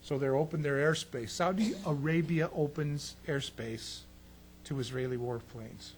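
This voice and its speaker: A man preaching a sermon on prophecy, animated and emphatic, with sarcastic asides. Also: on the high side, measured pace, slight background noise.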